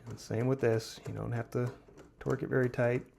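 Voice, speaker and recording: A man with a gravelly, creaky voice walks through a hands-on install as he works. His talk is relaxed and full of fillers, with faint noise behind him. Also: medium pitch, fairly quick. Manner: relaxed, talks while working, frequent fillers. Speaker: DIY installer.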